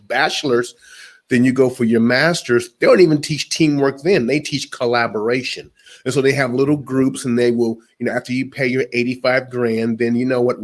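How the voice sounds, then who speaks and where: A man who works as a motivational speaker, talking emphatically and speaking straight to the listeners in an interview. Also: medium pitch. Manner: preachy, emphatic, addresses listeners directly.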